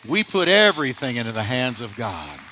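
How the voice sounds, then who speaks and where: A man's voice: mid-range voice, huge pitch swings, fairly quick, bright, forceful tone, a faint crowd, slight background noise. A man preaching a sermon as pastor, building with emphatic repeated refrains and rising bursts. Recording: live church sermon audio.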